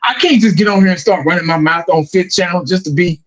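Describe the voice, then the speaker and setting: A man in his forties, a fan commentator, rambling and animated in a casual podcast chat, acting out what people say to him. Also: sits high, fast, rough recording. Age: 40s. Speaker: YouTube football fan commentator.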